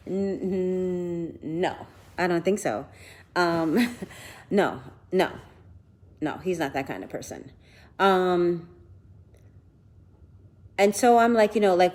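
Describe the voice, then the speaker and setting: A woman's voice: on the low side, measured pace, pauses often, a little mellow. A woman in her fifties filming a live tour of a large house on her handheld phone, talking bluntly and profanely to her viewers. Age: 50s. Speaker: vlogger.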